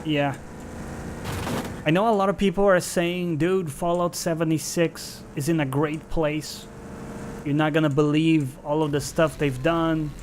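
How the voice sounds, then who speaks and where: A man's voice: on the high side, fairly even intonation, unhurried, background noise. A male game streamer giving casual, sarcastic, profane live commentary while playing and chatting with viewers.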